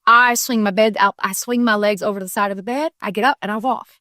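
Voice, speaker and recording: A woman's voice: medium pitch, steady tone, quick pace, sharp tone, dry recording, studio quality. Middle-aged woman telling a heartfelt testimony. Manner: earnest, tumbling storytelling with restarts and fillers. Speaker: podcast guest. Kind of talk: personal faith testimony, casual storytelling.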